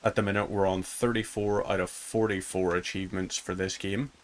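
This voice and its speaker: A man's voice: sits low, flat delivery, brisk, slight background noise. A man giving casual commentary while playing a game, chatting to himself as he goes. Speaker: gaming streamer.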